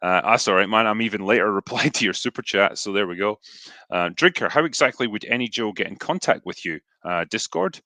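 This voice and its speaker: A man's voice: lowish voice, animated, fairly quick, sharp tone, no room sound. A Scottish man in his thirties hosting a casual livestream, reading superchats into a headset with lots of fillers and dry, sarcastic humor. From Scotland.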